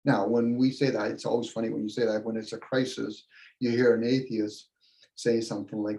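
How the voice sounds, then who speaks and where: A man co-hosting a loose philosophical talk show, voice gravelly and low in brightness. He talks in an animated way and slips into quoted back-and-forth while making his point. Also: fairly quick, poor audio. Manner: animated, acts out quoted dialogue. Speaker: co-host. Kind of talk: casual philosophical chat.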